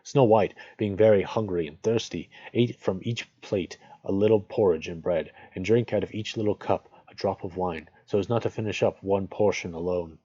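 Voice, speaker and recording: Low, husky man reading a fairy tale. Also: moderate pace, few pauses, dark tone, no room sound, dull audio. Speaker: host reading aloud.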